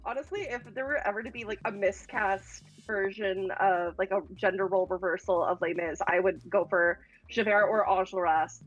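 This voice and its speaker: A woman's voice: medium pitch, normal speed, hardly any pauses, dry recording, faint music behind. A woman from Canada chats as a judge, giggling often and poking fun at herself. Her voice comes through dull, lo-fi call audio. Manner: giggly, animated, self-deprecating. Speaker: judge on the show. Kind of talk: casual chat.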